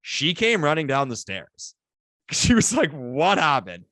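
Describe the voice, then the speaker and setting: Excitable man on a dry mic. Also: on the high side, measured pace, no echo. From Canada. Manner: excitable, animated storytelling with laughs. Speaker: podcast co-host. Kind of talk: casual sports podcast chat.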